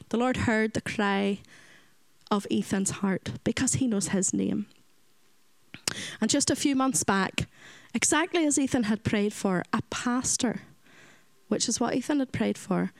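A woman's voice: a little high, vocal fry, no room sound, rough recording. A Northern Irish woman who runs a children's home, giving an earnest faith testimony and acting out the voices of the people in her story. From Northern Ireland. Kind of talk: personal faith testimony talk.

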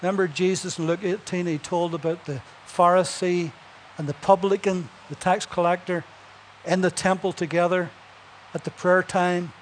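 A man's voice: sits high, steady tone, normal speed, slight background noise. A man preaching a sermon, telling Bible stories and building to emphatic punchlines, with chuckles between points.

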